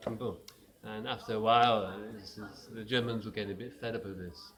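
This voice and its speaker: A man's voice: lowish voice, steady tone, fairly quick, fairly bright tone. A man professor telling a joke, hesitant and full of fillers. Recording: crowd chatter in background.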